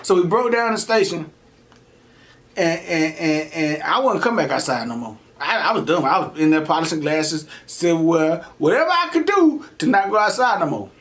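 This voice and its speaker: A man's voice: a little high, normal speed. A man hosting a mukbang, casually telling stories while he eats and acting out the people he quotes, in slangy, laid-back street talk. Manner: animated, emphatic, acts out the people he quotes. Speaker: mukbang host. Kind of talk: casual storytelling while eating on camera.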